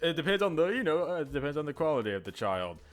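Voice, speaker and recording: A man's voice: on the high side, sing-song, fast talker, faint music behind. A man hosting his own video, chatting casually to viewers in a rambling, self-mocking way with frequent chuckles. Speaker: YouTuber host. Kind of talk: casual solo chat to viewers.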